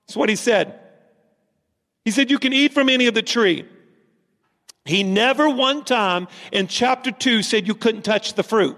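Preacher, male, high-pitched, emphatic and repetitive, sermon in a church with long reverb. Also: a little slow, a bit bright. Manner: emphatic, repeats lines for stress. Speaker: pastor.

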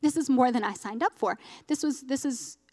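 A woman in her thirties preaches through a personal testimony, her voice pitched a little high. She talks earnestly and with feeling, stumbling and restarting as she holds back tears. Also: moderate pace, a little mellow, big-room sound. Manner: earnest, emotional storytelling with restarts. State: close to tears. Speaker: speaker at a church gathering.

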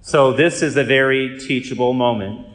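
A man, a Catholic priest and exorcist, giving an earnest, measured storytelling talk with touches of dry humor. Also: mid-range voice, steady tone. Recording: echoey hall reverb.

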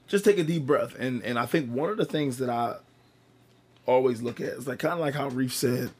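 A man co-hosting a casual podcast, his voice hoarse and worn out. He speaks openly and reflectively at a middling pitch, cursing now and then and repeating words to drive a point home. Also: darkish tone. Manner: open and reflective, swears freely, repeats words for emphasis. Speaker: podcast co-host. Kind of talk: candid casual podcast chat.

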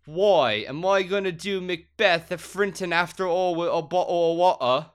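A man voicing a brash male talent agent with a put-on cockney accent, loud and drawling. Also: sits high, normal speed, clean tone, voice pushed up, close to an everyday voice.

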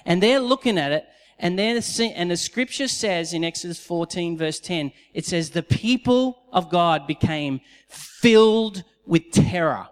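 A man with a high, light voice delivers an animated sermon, swinging from quiet asides to loud, acted-out quotes. His words ring out with the long echo of a big hall. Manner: animated storytelling with dramatized quotes. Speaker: pastor. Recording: long reverb of a large hall.

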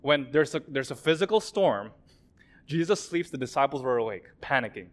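A man's voice: medium pitch, expressive, moderate pace. A man preaching a sermon in a conversational way, often acting out quoted prayers and remarks.

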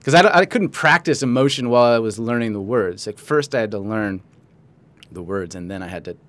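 Young man, podcast guest, low voice, earnest, reflective. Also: brisk, fairly bright tone, dry recording. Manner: earnest, reflective, says "like" often. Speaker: writer and coach, podcast guest. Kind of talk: casual interview chat.

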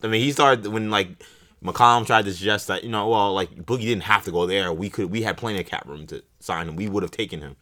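A man's voice: lowish voice, fast talker, sharp tone. A man co-hosting a podcast, talking sports casually and rambling with fillers and restarts. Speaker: podcast co-host.

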